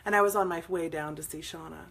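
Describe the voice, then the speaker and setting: A woman with a low, airy, breathy voice talks casually to her live viewers. She wanders through personal stories and greets people by name along the way. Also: fairly even intonation, fast, fairly bright tone. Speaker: spiritual show host.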